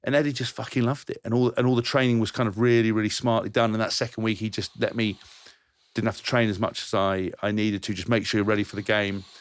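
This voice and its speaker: A man's voice: on the low side, little pitch movement, quick pace. A man, a podcast co-host who rambles through anecdotes, swears freely and often restarts his sentences. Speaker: podcast co-host, former rugby player. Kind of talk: casual storytelling chat.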